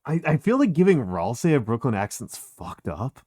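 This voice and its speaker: A man's voice: mid-range voice, very animated, normal speed, mellow, slightly rough. A man streaming a video game, chatting casually, rambling and self-deprecating, swearing freely. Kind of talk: casual gameplay chat.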